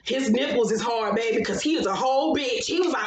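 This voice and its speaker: A woman's voice: fairly high pitch, a little fast, hardly any pauses, very noisy. A woman hosting a casual reality show recap, talking in a blunt, profane, gossipy way. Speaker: host of a reality TV recap channel. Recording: roomy echo.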